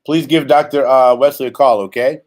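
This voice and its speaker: A man's voice: mid-range voice, steady tone, normal speed, a little mellow. A man hosting a radio talk show, upbeat and playful.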